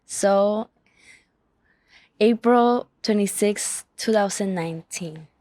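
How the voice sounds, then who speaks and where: A woman talks casually to her viewers in a frank, exasperated way and is hard on herself. Her voice sits at a middle pitch. The sound is dry and close, with almost no room. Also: slow, mellow, no echo. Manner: frank, exasperated, self-critical. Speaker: vlogger reading her old journal. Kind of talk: casual vlog chat.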